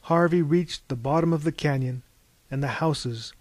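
A man narrating a story in an even, unhurried manner. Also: fairly high pitch, no room sound.

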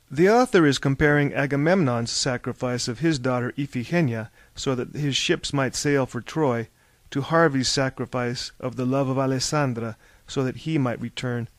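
A man reading a novel aloud as narrator, in measured storytelling that turns theatrical in the dialogue. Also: mid-range voice, no room sound. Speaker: audiobook narrator. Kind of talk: scripted narration.

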